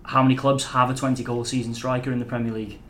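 A man chatting about football on a sports radio show, measured and thinking aloud as he talks. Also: medium pitch, flat delivery, a little hiss or hum. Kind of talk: casual sports radio chat.

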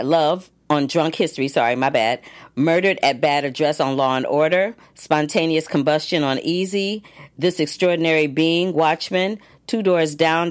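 A woman actress hosting casual entertainment news, chatty with many fillers and restarts as she reads long lists of nominees. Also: sits low.

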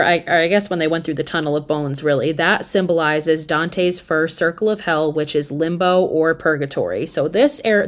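A woman hosting a podcast, recapping a horror movie in a casual, animated, profane and slangy storytelling manner. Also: on the low side. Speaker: podcast host.

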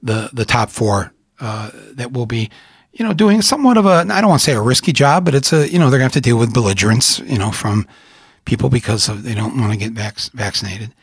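A middle-aged man from Michigan hosting a conversation, rambling and animated, with frequent restarts and laughs. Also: medium pitch, a little fast, no room sound, studio quality. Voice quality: husky. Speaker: host. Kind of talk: casual conversation.

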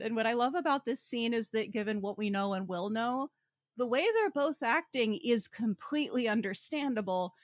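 A woman's voice: a little high, moderate pace, no echo, clean studio sound. A woman co-hosting a podcast, reading passages from a novel aloud and adding wry, joking asides. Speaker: podcast co-host. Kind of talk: casual book-club chat.

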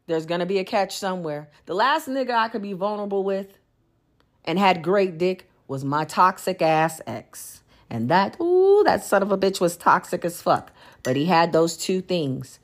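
A woman's voice: fairly low pitch, big pitch swings, normal speed. A woman talks straight into her podcast mic. She vents in a blunt, profane, emphatic way, telling her stories with no filter. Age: adult. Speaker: podcast host. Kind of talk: candid solo podcast venting.

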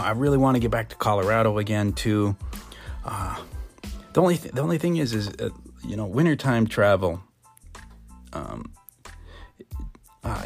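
A man's voice: sits low, gravelly. A middle-aged man from Montana telling a rambling story casually, full of fillers and restarts.

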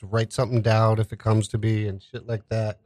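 A man's voice: lowish voice, monotone, brisk, a little mellow, dry recording. A man hosting a podcast, chatting in an easygoing way with casual swearing. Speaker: podcast host. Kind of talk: casual chat.

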